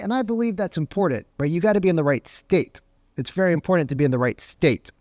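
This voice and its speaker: An energetic man teaches real estate sales on camera in a fairly high, lively voice. He talks conversationally and keeps asking "right?" to pull the listener along. The sound is close and dry. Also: a little fast, no echo.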